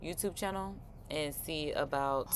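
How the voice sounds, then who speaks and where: A woman hosting a livestream reaction chat, talking in a chatty, expressive way with lots of slang. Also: deep voice, a little slow, a little hiss or hum. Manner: chatty and expressive, slang-heavy, frequent laughs.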